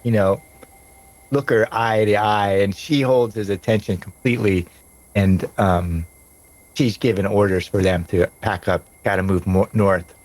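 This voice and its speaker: Brief: male game master, relaxed, drawn-out scene-setting, chuckles between lines. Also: lowish voice, low-quality recording. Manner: slow descriptive narration with laughs. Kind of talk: narrating a tabletop game.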